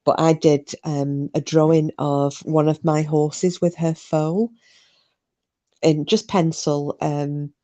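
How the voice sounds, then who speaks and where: A woman's voice: deep voice, little pitch movement, takes it slowly, warm tone. A woman hosting a live stream, chatting casually, gossipy and sweary, reading out comments.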